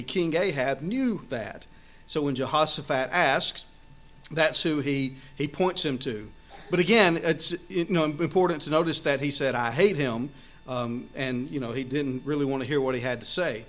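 A man's voice: fairly high pitch, fairly bright tone. A man preaching a sermon in an earnest, conversational way, reading scripture aloud and explaining it with frequent fillers.

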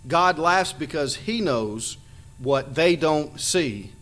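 A man preaching a sermon, earnest and emphatic, reading Bible verses aloud and slowing down on his key phrases. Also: on the high side, expressive, fairly bright tone. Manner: reads Bible verses in old-fashioned wording. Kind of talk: sermon on scripture.

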